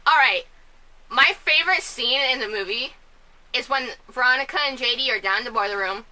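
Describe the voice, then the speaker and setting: Woman vlogger at home, high bright voice, rambling and excitable. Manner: chatty, scatterbrained, quick bursts of loud outrage. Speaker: film and musical reviewer. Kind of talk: casual vlog commentary. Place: at home, family asleep next door.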